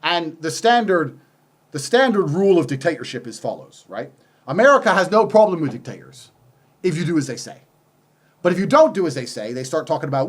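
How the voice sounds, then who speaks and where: A man as a podcast guest, delivering a forceful monologue full of swearing and rhetorical questions. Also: fairly high pitch, big pitch swings, quick pace, slightly rough. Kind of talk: heated monologue.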